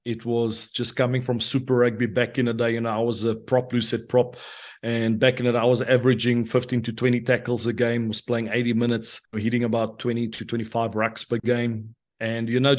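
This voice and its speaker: Middle-aged South African man, ex-prop guest, lively storyteller who acts out the voices. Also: medium pitch. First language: Afrikaans. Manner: animated storyteller, acts out quotes, laughs often. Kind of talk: casual podcast chat.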